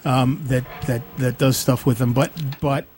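A man's voice: medium pitch, level tone, a little slow, a little mellow, slight background noise. A man hosting a casual radio tech call-in show, explaining at length with frequent ums and asides.

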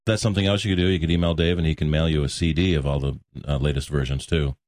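A very low-voiced man on a radio tech show, chiming in with dry wisecracks. He sounds close and dry. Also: fairly even intonation, quick pace, a little mellow, dry recording. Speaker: radio co-host. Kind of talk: casual radio banter. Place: radio studio.

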